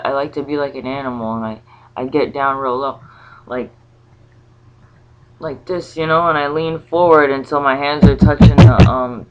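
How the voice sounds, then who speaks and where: Rambling woman on a dull recording. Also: a bass voice. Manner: rambling, halting, with many restarts and fillers. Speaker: vlogger. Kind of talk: casual spiritual monologue. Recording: slightly dull lo-fi sound.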